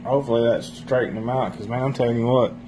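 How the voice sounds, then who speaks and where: A man's voice: mid-range voice, steady tone, fast talker, noisy background. A man casually telling a rambling, profane story among friends. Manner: rambling, profane, laughs while telling stories.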